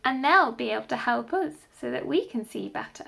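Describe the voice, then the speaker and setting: A woman presenting a children's craft activity, explaining each step gently to young children and their carers. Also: on the high side, lively intonation, brisk, vocal fry, slight background noise.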